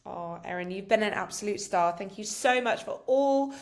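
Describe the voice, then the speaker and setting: Woman hosting a podcast, super expressive up and down voice, gushing and encouraging. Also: mid-range voice. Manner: warm, effusive, quick to affirm. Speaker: podcast host. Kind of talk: casual podcast interview.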